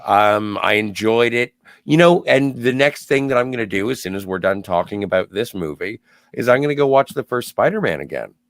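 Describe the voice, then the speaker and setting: A man's voice: on the low side, brisk, dry recording, studio quality. A man co-hosting a podcast, casually giving his opinion of a film and chiming in with corrections. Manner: relaxed, chimes in with corrections. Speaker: podcast co-host. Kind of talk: casual chat, film review.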